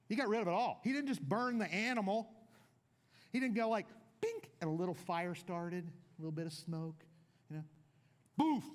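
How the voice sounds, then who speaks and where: An older male pastor preaches to his congregation with a fairly high voice. His delivery is animated, rising into loud declarations and dropping into low asides. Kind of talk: sermon.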